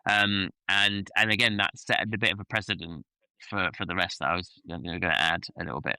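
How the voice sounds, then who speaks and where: A man's voice: sits low, fairly even intonation, fairly quick, pushed and bright, clear, resonant tone, dry recording, low-quality recording. A man, co-hosting a podcast as an event rider and talking candidly and self-critically in casual chat, with many fillers and the odd swear word.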